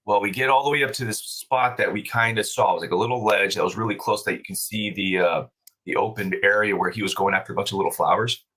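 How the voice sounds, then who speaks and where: Bright-voiced man telling stories. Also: lowish voice, quick pace, breathy edge, poor audio. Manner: animated, swears freely, many fillers and restarts. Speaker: podcast guest, brewery owner. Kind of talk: casual storytelling.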